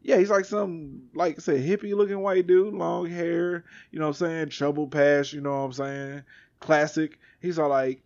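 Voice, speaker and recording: Joking man with a slightly high voice. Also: normal speed, creaky, darkish tone, highs cut off. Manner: joking, incredulous storyteller. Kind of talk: casual chat.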